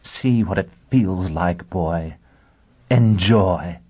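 A proud, bitter young woman with a cutting, scornful tongue, as a male audiobook reader plays her. The voice sits very deep and sounds husky. It comes through thin and tinny, like a phone line. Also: extremely slow, exaggerated voice. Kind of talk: audiobook character voice.

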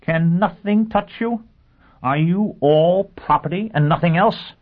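A man voicing a forceful, impatient male intelligence chief who barks in a raised voice, in an audiobook reading. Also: lowish voice, expressive, moderate pace, pitched above the performer's own voice. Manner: barking, raised voice. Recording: tinny phone-like audio.

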